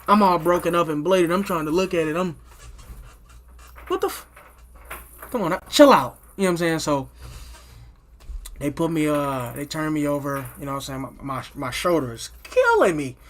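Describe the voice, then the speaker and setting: A man recounting a personal story to his viewers in a loose, unscripted way. His voice sits a little high for a man. He swears freely, trips over restarts and keeps checking in with his listeners. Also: big pitch swings, fairly quick, fairly bright tone. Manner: loose and profane, with many restarts and "you know what I'm saying" tags. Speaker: vlogger telling a personal story. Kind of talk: casual storytime monologue.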